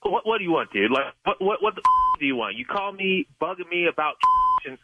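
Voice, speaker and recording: A man's voice: sits high, lively intonation, a little fast, no echo. A man on the receiving end of a prank call, agitated and stammering as he pushes back. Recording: tinny phone line, dry.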